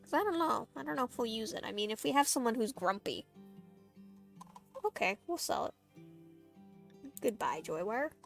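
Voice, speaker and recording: Female gaming streamer, high voice, chatty and giggly, soft background music. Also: expressive, fairly quick, creaky, long pauses. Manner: chatty, giggly, talks to herself and chat while playing. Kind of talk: casual gameplay livestream chat.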